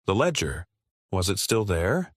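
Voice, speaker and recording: A man narrating a scripted story in a steady, measured way. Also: low-pitched, no room sound, studio quality.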